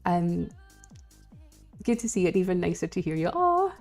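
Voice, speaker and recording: A woman's voice: on the low side, sing-song, normal speed, a little mellow, faint music behind. A Scottish woman chatting casually with viewers on a live game stream, rambling and giggling as she greets people.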